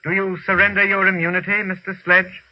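An actor playing a high, courteous servant robot. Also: male voice, lightly acted. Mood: coolly polite. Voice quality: calm, measured, formal. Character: polite emotionless servant robot, male. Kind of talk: 1950s radio drama acting. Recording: lo-fi vintage radio recording.

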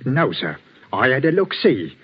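Husky, lively-voiced greengrocer, blunt and deferential, on a dull old radio recording. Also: male voice, mid-range voice, measured pace, a little hiss or hum. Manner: deferential, blunt, dropped-h country speech. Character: gruff working-class village greengrocer, middle-aged, superstitious. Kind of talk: 1940s radio acting.

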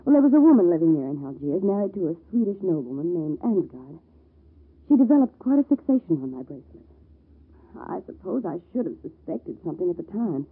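An actress playing an anxious young wife in an old-time radio drama, speaking in a halting, nervous way. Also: female voice, fairly low pitch, sing-song, slightly rough, heavily acted. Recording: lo-fi vintage radio recording.

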